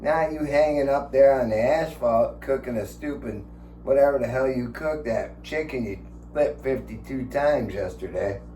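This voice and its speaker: Chuckling and swearing freely, a sixty-something man spins rambling stories for his home vlog. His voice sits at medium pitch and sounds mellow, and the recording has room echo plus a low hum.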